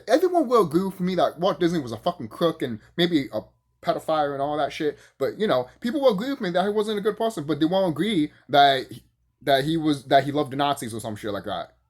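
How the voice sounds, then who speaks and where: This man is a YouTube reviewer whose review is loose, foul-mouthed and meandering, stuffed with filler words and sudden laughs. He's animated, his voice leaping high when excitement hits.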